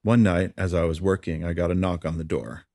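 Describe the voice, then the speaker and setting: Deep-voiced man narrating a memoir. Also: little pitch movement, brisk, gravelly, a little mellow, no room sound, studio quality. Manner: plain, somber storytelling.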